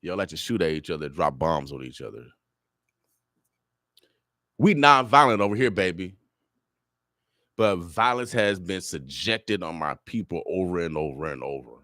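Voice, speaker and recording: A man's voice: deep voice, lively intonation, moderate pace, long pauses, pushed and bright, no room sound. Guy preaching on the radio, fired up, repeats himself a lot, dry booth sound. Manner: fiery and preacher-like, with many repeated phrases. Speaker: radio show guest speaker.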